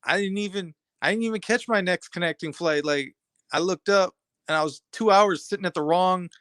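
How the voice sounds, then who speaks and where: A man rambles through casual talk with his live stream audience, full of street slang. His voice sits a little high and sounds smooth and clean. The sound is dry, with no room around it. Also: normal speed, fairly bright tone, no echo. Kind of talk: casual chat with stream viewers.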